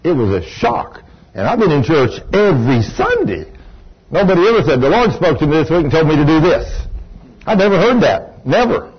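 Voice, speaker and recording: A man's voice: a little high, sing-song, moderate pace, breathy edge, muffled recording. An older man preaching a sermon in a church, telling a personal story with emphatic exclamations. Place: church room with congregation.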